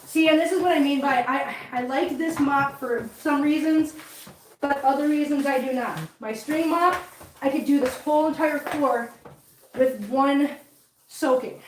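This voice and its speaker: A woman's voice: high voice, measured pace, a little hiss or hum. A woman chatting casually to her live viewers while mopping her living room, out of breath from the work. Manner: chatty, coaxing pets in a soft voice. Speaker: cat vlogger. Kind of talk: casual live-stream chat while cleaning. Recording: roomy, distant from the mic.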